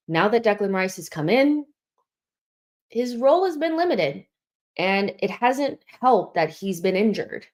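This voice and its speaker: Reading out viewer comments on her live football fan show, a young host chats casually, slightly out of breath. She has a mid-range, darkish voice that's sing-song and a little slow.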